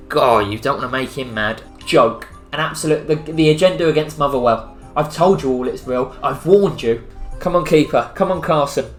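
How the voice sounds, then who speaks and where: A man's voice: mid-range voice, moderate pace. Sarcastic man commentating gameplay. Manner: sarcastic, jokey, excitable outbursts. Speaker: gaming YouTuber. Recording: faint music behind voice.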